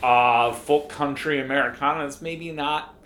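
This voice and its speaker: Podcast co-host, male, bright forward voice, teasing and chuckly, roomy echo. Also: a little high, fairly even intonation, normal speed. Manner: playful, laughs often. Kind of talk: casual chat. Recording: echoey room.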